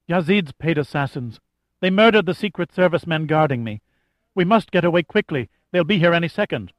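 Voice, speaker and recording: A man's voice: fairly high pitch, expressive, a little fast, no echo, voice pushed up, lightly acted. A man reading an audiobook, voicing a frightened young woman on the run who pleads breathlessly for help. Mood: terrified. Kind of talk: audiobook character voice. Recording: dull lo-fi dry recording.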